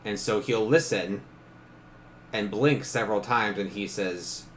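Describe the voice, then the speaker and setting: A man's voice: on the low side, unhurried, a bit bright, a little hiss or hum. A man narrating as game master in a casual tabletop session, laughing often and briefly acting out characters.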